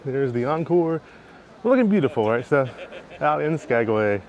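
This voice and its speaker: Very animated, with a mid-range, darkish voice at a normal speed, this travel vlogger hosts a casual outdoor vlog in a port town. He's eager and upbeat and uses superlatives constantly.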